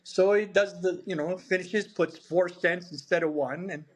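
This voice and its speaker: Chatty older man, slightly high. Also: steady tone, moderate pace, husky. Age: 70s. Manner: chatty, blunt, swears freely, laughs through stories. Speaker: podcast guest. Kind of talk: casual storytelling.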